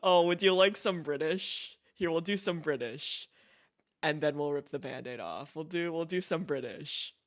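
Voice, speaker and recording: A man's voice: fairly high pitch, normal speed, no room sound, clean studio sound. A man streaming, chatting casually and giggling, often repeating himself and restarting as he talks. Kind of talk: casual chat.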